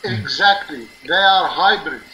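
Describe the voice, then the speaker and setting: A man hosting a live religious talk stream, his voice high and strikingly bright, almost piercing. He explains at length in an earnest, insistent way, peppered with "uh" and "okay?". A faint hum of noise sits behind him. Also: expressive, measured pace, dull audio. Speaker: live-stream show host. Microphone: live stream or call-in line.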